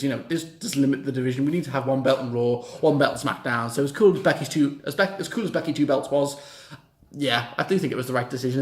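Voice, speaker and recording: A young man, chatting casually and excitably, swearing as he reacts. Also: a little high, echoey room. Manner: excitable, swears, mocks and acts out the wrestlers in little quips. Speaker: reaction vlogger. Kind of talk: casual chat.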